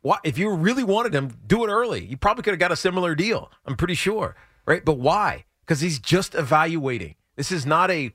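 A man with a fairly high voice that moves around a lot as he talks sports. He makes his case in an easygoing, amused, matter-of-fact way. The recording is dry and close. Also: sing-song, a little fast, a bit bright, no echo. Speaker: sports radio co-host. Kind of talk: casual sports talk.

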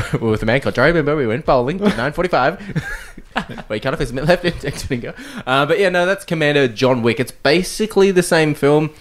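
Laughing, animated podcast co-host man. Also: a little high, brisk. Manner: animated storyteller, laughing while recounting film scenes. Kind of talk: casual chat.

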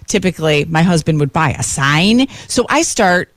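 Woman, 40s, podcast co-host, animated storyteller, dry close mic. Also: moderate pace, no room sound. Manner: animated, laughing, jumps into high voices for quotes. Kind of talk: casual storytelling chat. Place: home studio in a basement.

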